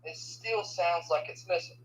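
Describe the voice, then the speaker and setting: A man's voice: sits high, a little slow, rough recording. A man in his twenties chatting casually and easygoing with a friend, often saying dude and man. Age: 20s. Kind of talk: casual chat.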